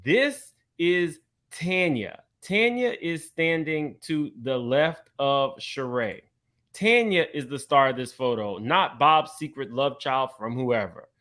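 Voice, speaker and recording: A man hosting a casual reality-TV gossip commentary, chatty and quick to laugh, talking straight to his viewers. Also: medium pitch, expressive, a bit bright. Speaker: commentary channel host.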